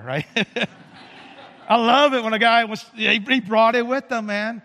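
A man's voice: extremely high pitch, unhurried, sharp tone, big-room sound. A male pastor preaching a sermon in a casual, conversational way, often repeating words and asking "right?". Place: church sanctuary.

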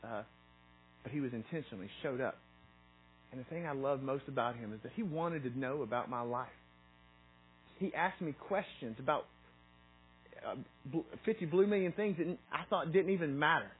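Middle-aged guy preaching, kinda husky, chatty, keeps restarting his sentences. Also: medium pitch, normal speed, pauses often, fairly bright tone, soft background music, rough recording. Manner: conversational, repeats words and restarts often; reads scripture aloud. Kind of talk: sermon.

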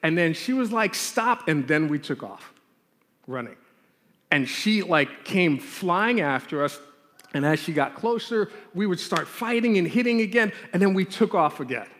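A man telling a lively childhood story in a sermon and then leading a prayer, acting out the scenes as he goes. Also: sits high, normal speed. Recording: long hall reverb.

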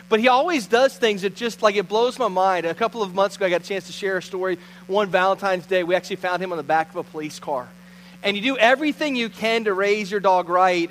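A man's voice: high-pitched, fairly bright tone, a little hiss or hum, poor audio. A man pastor giving a conversational sermon, telling a story with frequent restarts.

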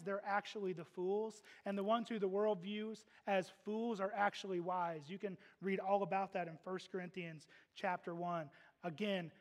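A man from Texas preaching a sermon, emphatic, with humorous asides, dropping to hushed tones and then rising loud. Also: high-pitched.

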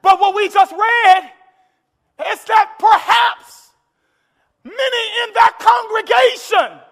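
A man preaching to a congregation, his voice pitched very high and bright as he drives into shouted, urgent climaxes. The sermon carries through a large hall with a long echo, and a crowd can be heard faintly behind him. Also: steady tone, slow, vocal fry. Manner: impassioned, shouting climaxes with call-and-response urgency. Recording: echoey church hall with crowd.

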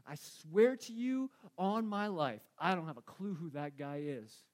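A man's voice: on the high side, expressive, unhurried. A man voicing a frightened fisherman who keeps denying, flustered and evasive, as quoted in a sermon. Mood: defensive.

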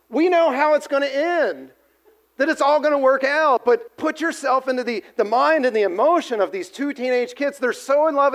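A pastor preaching a sermon, telling the story animatedly and asking the audience to answer. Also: male voice, very high-pitched. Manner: animated storytelling, acts out quotes, asks the audience.

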